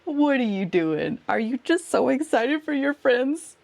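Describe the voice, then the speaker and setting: A woman's voice: high-pitched, very animated, measured pace, creaky. Giggly woman streamer chatting while crafting. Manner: giggly, thanks viewers warmly, talks to herself while working. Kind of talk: casual live-stream chat while crafting.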